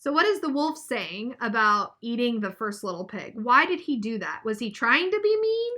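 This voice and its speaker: A woman's voice: on the high side, very animated, normal speed, bright, forceful tone. A woman teacher reading a storybook aloud to young children and asking them questions about it. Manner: asks the listeners questions.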